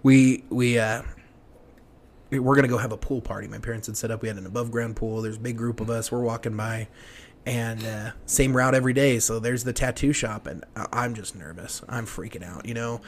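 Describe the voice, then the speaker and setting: A man in his young adult years tells a story on a podcast, circling back through fillers and restarts. His voice drops to a near hush at the fearful moments. A faint hum of noise sits behind him. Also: mid-range voice, steady tone, fairly quick. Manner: rambling, many fillers and restarts, hushed when retelling fear. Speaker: podcast guest. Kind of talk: casual storytelling.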